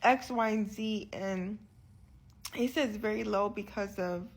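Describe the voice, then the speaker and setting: Young woman, vlog, straight to camera, husky tone, frustrated, earnest, stumbling restarts. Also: mid-range voice, slow. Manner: frequent restarts and repeated words. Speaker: vlogger sharing her health journey. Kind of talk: candid direct-to-camera vlog.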